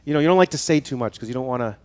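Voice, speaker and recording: A man chatting as a guest on a live show, rambling and telling animated stories with frequent laughs. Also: mid-range voice, rapid-fire. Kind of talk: casual chat. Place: studio.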